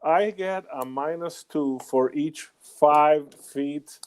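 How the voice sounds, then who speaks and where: A man's voice: on the high side, slow, slight background noise. A man playing a tabletop role-playing game, talking bluntly and swearing freely. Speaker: player. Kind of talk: casual tabletop play.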